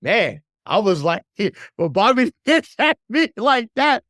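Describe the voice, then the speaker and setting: This sports podcast host is a man with a high-pitched, very animated, fairly bright voice who nonetheless takes his time. He chats casually and crudely, laughs a lot, and repeats words as he warms up. The sound is clean studio audio without echo.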